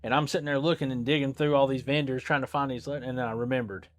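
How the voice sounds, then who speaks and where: A man's voice: medium pitch, quick pace, a little hiss or hum. A man who works at a tire shop, telling a story in a casual chat, plain-spoken and acting out the people he quotes. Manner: animated, acts out quoted people with a raised voice; plain-spoken, loose grammar.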